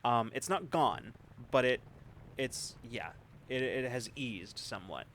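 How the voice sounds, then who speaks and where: A man narrating as game master of a tabletop role-playing game, relaxed and hesitant. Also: mid-range voice, unhurried, a little hiss or hum. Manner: relaxed, hesitant, many fillers.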